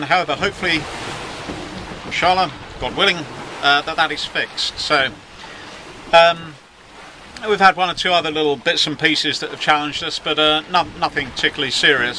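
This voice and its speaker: A man's voice: on the high side, bright, forceful tone, low-quality recording. A middle-aged man chatting wryly in a casual video diary from the deck of a sailing yacht at sea. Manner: chatty, wry, self-mocking. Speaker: yacht skipper vlogging at sea. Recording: wind and wave noise on deck.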